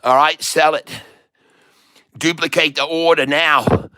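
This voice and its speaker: A middle-aged man calls out buy and sell orders live, pushing his viewers with repeated urgings. His voice is bright and sharp, with a smooth, clear tone. He sometimes slips into a jokey foreign accent to keep things lively. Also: on the high side, slow pace. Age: middle-aged or older. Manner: puts on a playful foreign accent to mix things up; repetitive, hype-style urging to buy and sell. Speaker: day trader and channel host. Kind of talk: live trading commentary.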